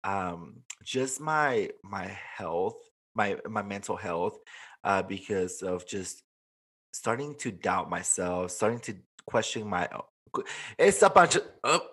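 A man's voice: low voice, lively intonation, takes it slowly, a bit bright, slightly rough. A man co-hosting a casual podcast, chatting loosely with laughter and swearing, slipping into Spanish now and then. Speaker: podcast co-host. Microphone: desk microphone, close.

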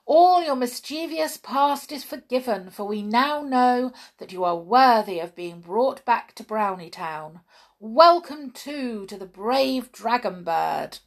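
A woman's voice: mid-range voice, lively intonation, slow pace, vocal fry, hardly any pauses. A woman voicing a joyful king who welcomes heroes to his palace, speaking in a proclaiming, ceremonious way.

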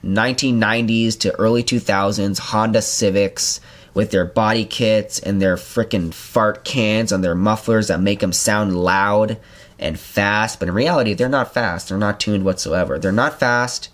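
His pitch is fairly low and his pace measured as this young man hosts a podcast. He wanders through animated stories in an easygoing chat, with fillers throughout.

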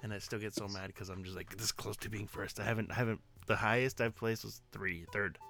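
A man co-hosting a casual podcast, relaxed and easily amused. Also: on the low side, a little fast, gravelly. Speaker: podcast co-host.

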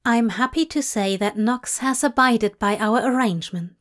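A woman voicing a gentle male angel who grows flustered and breathless. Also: fairly high pitch, moderate pace, natural voice.

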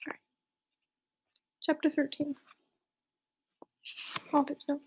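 A woman's voice: high voice, completely flat delivery, takes it slowly, a little mellow. A young woman reading a fan story aloud in a whispery voice, with amused asides. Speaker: reader.

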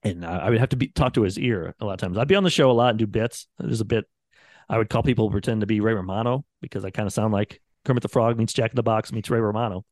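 A man's voice: lowish voice, fast talker, darkish tone, dry recording. Man, radio producer, rambling storyteller, casual podcast chat, dry close sound. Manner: rambling storyteller, acts out quotes.

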